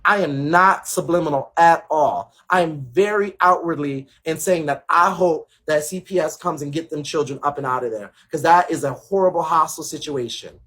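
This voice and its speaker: A man's voice: a little high, moderate pace, hardly any pauses, fairly bright tone. Emphatic man hosting a livestream. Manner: emphatic, blunt and profane, often addresses viewers. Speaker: livestream host. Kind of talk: casual livestream commentary.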